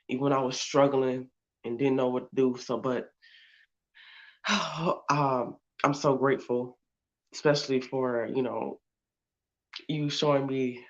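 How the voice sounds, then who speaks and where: A woman author as a podcast guest, emotional and halting, often restarting her sentences. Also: extremely low pitch. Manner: halting, with many self-restarts. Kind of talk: podcast interview. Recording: muffled lo-fi audio.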